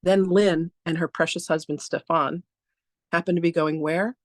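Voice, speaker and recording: A woman hosting a talk, introducing her guest through a chatty, animated story and often laughing. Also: fairly low pitch, moderate pace, no echo, studio quality. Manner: animated, acts out dialogue with "I'm like".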